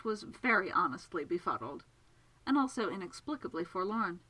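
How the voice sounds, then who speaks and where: A woman narrating a novel in an expressive storytelling manner. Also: fairly low pitch, normal speed, low-quality recording. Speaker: audiobook narrator. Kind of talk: scripted narration.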